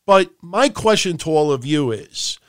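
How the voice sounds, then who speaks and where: A man's voice: on the high side, animated, measured pace, dry recording, studio quality. A man hosting a wrestling podcast, ranting profanely and animatedly, with mocking impressions of other people. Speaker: podcast host.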